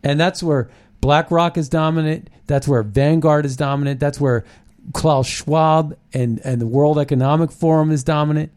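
A man hosting a political commentary show, excited and rambling, with frequent restarts. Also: a little high, normal speed, smooth. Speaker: show host.

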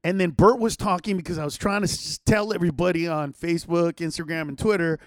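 High-voiced, animated man hosting a podcast. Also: quick pace, dry recording. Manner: animated, swears freely, acts out other people's lines. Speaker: podcast host. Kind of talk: casual storytelling to listeners. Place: home podcast setup.

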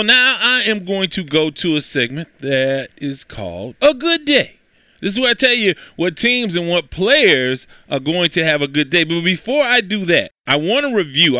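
A man hosts a sports talk segment in a crisp, smooth voice with a bright edge. He talks casually and confidently as he reviews his picks. The room is dry and close. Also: a little high, dry recording. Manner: breezy, self-assured recapping. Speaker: sports show host.

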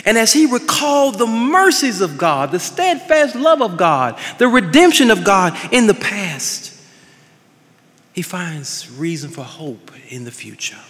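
Man, pastor, impassioned sermon, bright voice, very lively pitch, church reverb. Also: a little slow. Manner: impassioned, swinging from loud to hushed.

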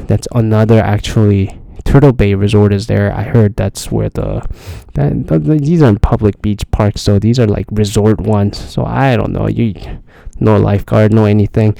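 Male podcast host, low dark voice, dry close sound, talks softly, rambles and cusses. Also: vocal fry, dry recording. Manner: rambling, profane, blunt. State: talking quietly. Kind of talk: casual solo podcast monologue. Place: hotel room.

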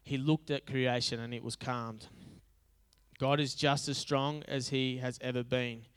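Male pastor, sermon, resonant clear voice, humorous, emphatic repetition. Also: medium pitch, fairly even intonation, unhurried.

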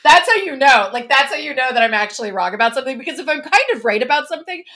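A woman's voice: sits high, rapid-fire. A young woman co-hosting a casual podcast chat, telling stories with lots of laughter and swearing. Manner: animated, laughing storyteller who swears. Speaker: podcast co-host.

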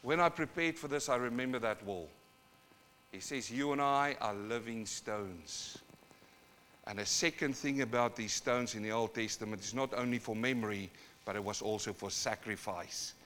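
A pastor with a New Zealand accent, born in South Africa, preaching a live sermon in church and swinging from quiet to loud, dramatic urging. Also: male voice, medium pitch, normal speed, slight background noise. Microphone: live sermon recording.

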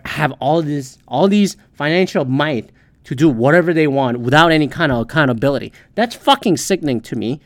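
Guy ranting on his podcast, swears a lot, kinda high voice, dry close sound. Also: no echo. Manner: profane, heated ranting. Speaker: podcast host. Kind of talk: casual solo commentary.

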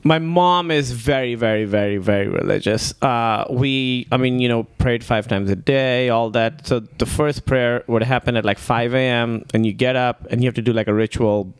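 A man's voice: medium pitch, moderate pace, hardly any pauses, clear, resonant tone, no room sound. A man from Pakistan, a comedian guest in a casual podcast chat, telling stories in a wry, laid-back way.

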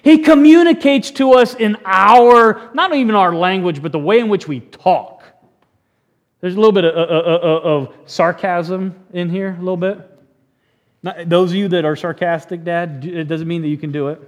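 A man preaching a sermon in a church, animated and joking, often restarting his sentences. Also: sits high, moderate pace. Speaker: pastor.

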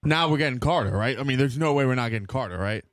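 A man's voice: mid-range voice, animated, racing, no room sound, studio quality. A man co-hosting a sports podcast, cursing and arguing heatedly in casual chat. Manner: profane, irritated, argumentative. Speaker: podcast co-host. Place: garage.

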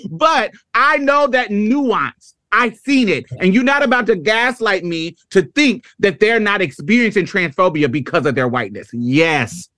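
A woman's voice: on the low side, expressive, moderate pace, fairly bright tone, no room sound, clean studio sound. A woman hosting a podcast interview, talking in an emphatic, blunt way with salty language. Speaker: podcast host. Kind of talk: casual interview chat.

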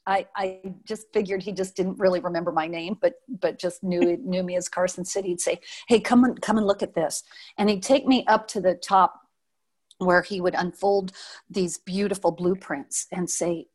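This is a former showgirl from Nevada, now older, reminiscing for an interviewer at a moderate pace in a voice that sits on the low side. She's an animated storyteller who performs the quotes she recounts and often restarts what she's saying.

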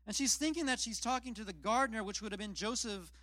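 Guy pastor chatting thru a sermon, highish voice, super dry close sound. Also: quick pace, pushed and bright, no echo. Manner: retells scripture in plain, chatty storytelling; self-deprecating asides. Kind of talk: casual conversational sermon.

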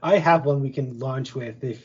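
A man's voice: medium pitch, moderate pace, slightly rough. A man co-hosting a podcast in casual chat. He jokes and chuckles as he talks. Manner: joking, chuckling. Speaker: podcast co-host. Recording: muffled lo-fi audio.

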